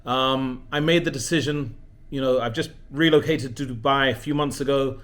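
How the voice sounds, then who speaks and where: A man's voice: on the high side, fairly quick, fairly bright tone. Chatty self-mocking man in his forties. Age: 40s. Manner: chatty, self-deprecating, rambling with restarts. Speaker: leadership coach. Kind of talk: casual personal vlog.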